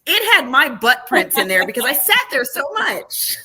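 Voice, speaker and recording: A woman with a bright, clear voice chats as a podcast guest. She tells her stories with animation and breaks into laughter often. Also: high-pitched, big pitch swings, normal speed, a little hiss or hum. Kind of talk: casual interview chat.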